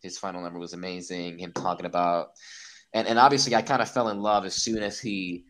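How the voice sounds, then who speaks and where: Podcast guest, male, lowish pitch, animated and profane. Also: a little fast, slight background noise, poor audio. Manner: excited, swearing, acts out his own reactions. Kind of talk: casual podcast chat.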